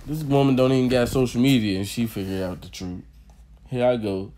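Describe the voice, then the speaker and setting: Loud laughing man riffing casually. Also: medium pitch, fairly even intonation, fairly quick, slight background noise. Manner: loud, laughing, profane storytelling. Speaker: podcast host. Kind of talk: casual podcast banter.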